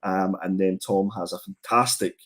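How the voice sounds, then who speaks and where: A man's voice: deep voice, fairly even intonation, normal speed, a bit bright. A man hosting a casual comics livestream, chatty and prone to repeating his words as he goes. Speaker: comic show host.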